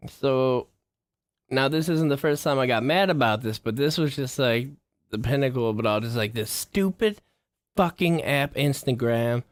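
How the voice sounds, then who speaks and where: A man's voice: medium pitch, no room sound. A man vlogging in a casual, rambling monologue, swearing freely and getting worked up as he talks. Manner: profane, rambling, gets worked up.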